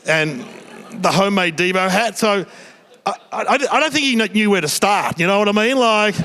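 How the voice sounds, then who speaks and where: A man's voice: high voice, fairly bright tone. An Australian man in his fifties doing a stand-up comedy routine on a theatre stage, telling a rambling story with stammered restarts. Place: theatre stage before a live audience.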